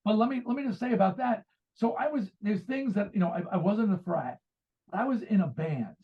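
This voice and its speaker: High-voiced man on a tinny line. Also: expressive, brisk. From United States. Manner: rambling storyteller who acts out quoted dialogue. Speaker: guest author and musician. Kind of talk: casual interview conversation. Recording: tinny phone-like remote line.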